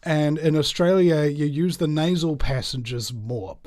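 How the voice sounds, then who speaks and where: A man's voice: on the high side, a little slow, darkish tone, no room sound, clean studio sound. A New Zealand man hosting a talk show, chatting loosely with many fillers and restarts. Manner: rambling, lots of uh fillers and restarts. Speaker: show host. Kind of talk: casual chat.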